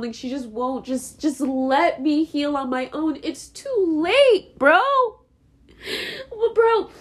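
A young woman speaks on her own podcast in a high, light voice. She vents openly and profanely, repeating herself as she pours out her frustration. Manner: raw, profane, repetitive venting. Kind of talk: emotional podcast monologue.

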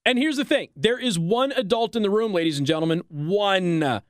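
A man's voice: high-pitched, moderate pace, no room sound. A man hosting a talk radio show in a studio, delivering a sarcastic, opinionated monologue and laughing at his own jokes.

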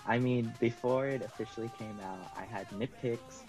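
A woman's voice: extremely low pitch, normal speed, music in the background, poor audio. A young woman chatting casually as a fan podcast co-host, bubbly and gushing with frequent giggles.

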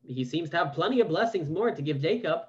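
A man with a fairly high, animated voice teaches Torah on a video call at a quick pace. After reading verses aloud, he asks questions in a laid-back, conversational style as casual commentary. The highs are cut off in the recording.

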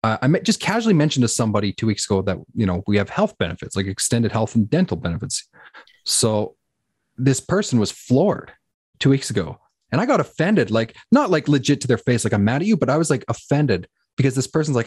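A man who owns a business, telling stories in a fast, animated way with lots of "like"s in a casual podcast chat. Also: mid-range voice, breathy edge, no echo, studio quality. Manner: fast, animated storytelling with many "like"s. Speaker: guest business owner.

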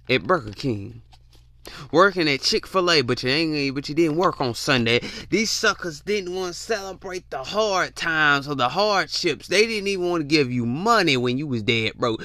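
A man's voice: a little high, bright, forceful tone, dry recording. A young man ranting in a blunt, profane, slangy monologue, repeating himself for emphasis. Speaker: podcast host. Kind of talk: casual monologue rant.

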